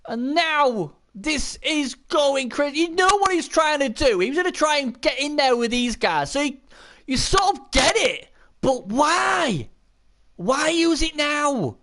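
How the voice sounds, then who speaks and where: A man giving casual, chatty live commentary on a video game match, bursting into shouts at big plays and swearing now and then. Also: very high-pitched, animated, moderate pace.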